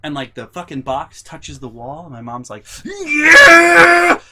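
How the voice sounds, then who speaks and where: A young man vlogging a storytime, telling family anecdotes in an animated, sweary, casual way. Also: mid-range voice, moderate pace, heavy background noise. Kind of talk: storytime vlog.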